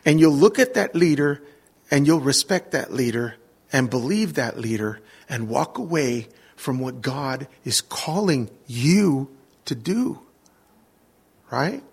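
Gravelly, husky-voiced male preacher. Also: mid-range voice, animated, slow pace. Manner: casual, asks the congregation for responses. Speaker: worship leader and preacher. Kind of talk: conversational sermon with storytelling.

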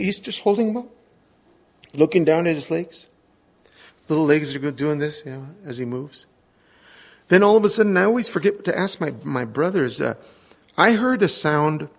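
Animated husky-voiced preacher man. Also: a little high. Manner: animated, acts out scenes with sudden shouts. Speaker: pastor. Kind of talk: sermon storytelling.

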